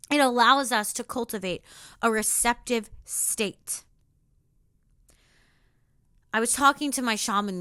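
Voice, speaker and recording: Young woman, podcast host, spiritual self-help, earnest and intimate, sassy asides, higher voice, dry close mic. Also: no echo. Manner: earnest, intimate, shifts between soft reflection and sassy pep talk.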